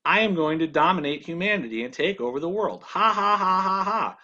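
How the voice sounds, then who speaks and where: A man voicing a sarcastic female humanoid robot AI, pitched up with a mocking laugh. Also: lively intonation, brisk, bright, forceful tone, muffled recording, full character voice.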